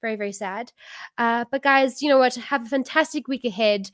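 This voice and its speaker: South African woman, online music show host, bubbly, effusive, high voice, dry close sound, video call. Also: fairly quick, a bit bright, no echo. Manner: bubbly and effusive, laughs often.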